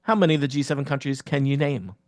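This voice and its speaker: A man's voice: mid-range voice, quick pace, dry recording, clean studio sound. A man hosting a podcast quiz game, reading out questions and explaining answers. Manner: explanatory, reads questions and facts. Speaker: quiz host.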